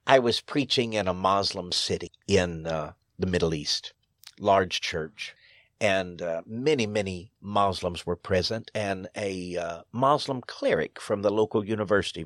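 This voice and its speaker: A man's voice: sits low, normal speed, a bit bright, dry recording, studio quality. A man, a pastor, telling stories in an interview in an earnest, emphatic way, his voice rising sharply on key phrases. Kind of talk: storytelling interview.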